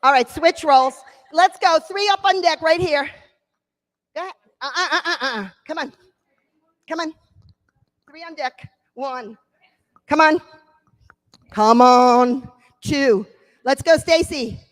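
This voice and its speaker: A woman's voice: high voice, a little slow, long pauses, in a large hall. A woman presenting a live workshop, energetically coaching participants through role-play. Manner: energetic, encouraging, coaxing.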